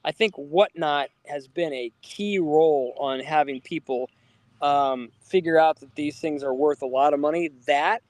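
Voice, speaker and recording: A man co-hosting a casual podcast, telling stories in a lively way and acting out the people he quotes. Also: on the high side, measured pace, no echo. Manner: animated storyteller, acts out quoted people. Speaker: podcast co-host. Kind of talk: casual storytelling chat.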